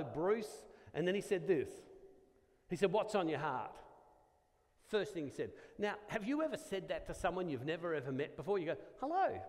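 Animated Australian man telling a story. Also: high-pitched. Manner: animated, acts out dialogue, self-deprecating asides. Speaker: Catholic speaker at a church gathering. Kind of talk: storytelling talk to a live audience. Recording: long reverb of a large hall.

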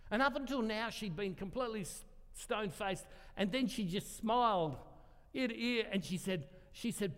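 A man with a fairly high voice tells a story from the pulpit in a relaxed, self-deprecating way, acting out the people he quotes. His voice rings with the long reverb of a large church hall. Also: brisk. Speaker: pastor. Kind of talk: sermon with storytelling.

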